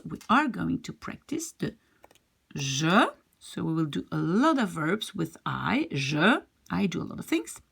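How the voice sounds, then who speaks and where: A woman whose first language is Dutch teaches French at an unhurried pace, reading out word after word with patient repetition. Her voice is low and a little gravelly. Her pitch rises and falls in a lively way as she explains. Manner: slow, patient, drills vocabulary aloud. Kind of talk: online language lesson.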